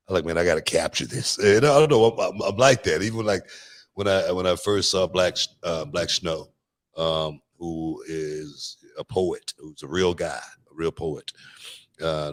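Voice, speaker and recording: A man with a low, deep voice hosts a laid-back chat. He tells stories in a rambling way, restarting sentences and leaning on fillers. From Houston, Texas. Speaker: podcast host. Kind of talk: casual chat.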